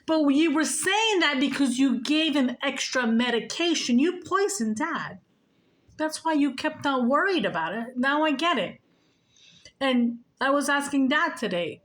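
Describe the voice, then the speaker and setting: Woman vlogger with a fairly high voice, agitated and profane, rambling to camera. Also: expressive, measured pace. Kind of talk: casual rant to camera.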